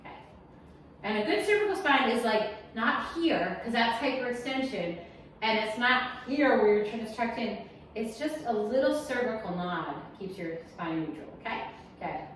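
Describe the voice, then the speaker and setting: A woman's voice: a little high, lively intonation, normal speed. A woman leads a Pilates class, calling out inhales and exhales and counting reps. She keeps it chatty and encouraging, with small asides. Her voice rings in a very echoey room, picked up from a distance with faint noise behind. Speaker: Pilates instructor. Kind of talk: guided exercise class cueing.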